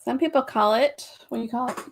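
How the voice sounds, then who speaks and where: A woman's voice: on the high side, fast talker, gravelly. A woman co-hosting a casual livestream chat, laughing often between remarks. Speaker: livestream co-host.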